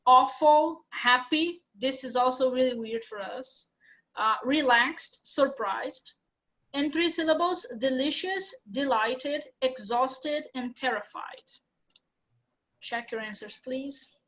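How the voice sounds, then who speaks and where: A woman's voice: high voice, slow, a bit bright, lo-fi sound. A Brazilian woman whose first language is Portuguese, teaching an English class online and explaining step by step with patience.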